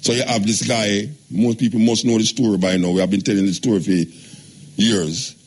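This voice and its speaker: A man with a Jamaican accent hosting a call-in radio show, talking in a relaxed, joking way with patois. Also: fairly low pitch, normal speed, breathy edge. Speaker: radio talk show host. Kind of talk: casual call-in radio talk.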